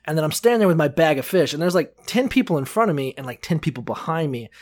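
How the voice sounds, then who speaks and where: A man with a somewhat high voice tells stories on a casual podcast. He swears freely and acts out everyone in his stories with loud, lively quotes. He talks in a relaxed, joking way. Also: fast. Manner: animated storyteller, acts out quotes. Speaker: podcast co-host. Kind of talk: casual profane Bible-reading chat.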